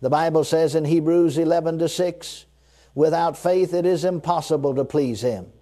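A male preacher in full sermon, his voice pitched a little high yet mellow and warm. He drives each point home with repetition and slows right down when he reads scripture, then has his listeners repeat his declarations back to him. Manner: emphatic, repeats key phrases, slows down for scripture; leads the congregation in call-and-response declarations.

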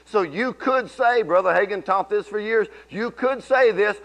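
A man's voice: sits high, lively intonation, moderate pace, a bit bright, rough recording. A middle-aged man preaching a sermon, telling folksy stories and rising into emphatic bursts.

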